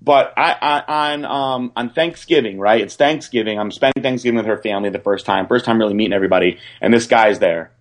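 A young man telling a story on a podcast in a rambling, excited way, full of fillers and restarts. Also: fairly low pitch, fast, few pauses. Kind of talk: casual storytelling.

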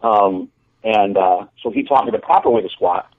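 A man chats casually and tells a long story, often doubling back on words before he finds his sentence. His voice sits low. It comes through a dry, narrow phone-like line. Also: huge pitch swings, moderate pace, vocal fry, a little hiss or hum. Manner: rambling, repeats words when starting sentences. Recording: dry, phone-like call audio.

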